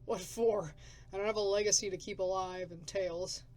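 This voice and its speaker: Woman reading a grumbling, gruff male scavenger. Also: medium pitch, fairly even intonation, moderate pace, a little mellow, faint music behind, lightly acted. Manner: blunt, grumbling, coarse. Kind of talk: reading game dialogue aloud.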